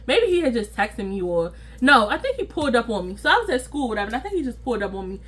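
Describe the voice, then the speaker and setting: High-voiced woman telling a story, laughing. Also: fast talker, husky. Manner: animated and slangy, laughing often. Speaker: storytime vlogger. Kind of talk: casual storytelling to viewers.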